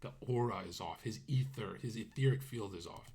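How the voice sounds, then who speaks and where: A man's voice: on the low side, a little fast, warm tone. A man streaming a casual monologue, brash and rambling, with many fillers and asides that trail off.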